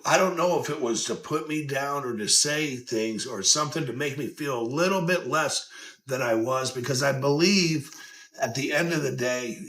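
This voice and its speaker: A man's voice: mid-range voice, creaky, a bit bright. A man hosting a podcast, giving casual motivational talk in a blunt, earnest way, swearing freely and circling back over his points. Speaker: podcast host.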